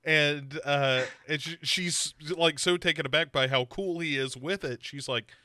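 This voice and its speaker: A man's voice: a little high, unhurried, pushed and bright, dry recording, clean studio sound. A man co-hosting a casual comedy podcast, recapping a TV show and jokingly acting out the characters. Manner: jokey, acts out characters in silly voices. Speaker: podcast co-host.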